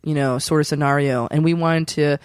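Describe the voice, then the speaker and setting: A man co-hosting a comedy podcast, playful and excitable, quick to laugh. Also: on the high side, smooth, dry recording, studio quality. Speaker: podcast co-host. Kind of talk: improvised comedy podcast banter.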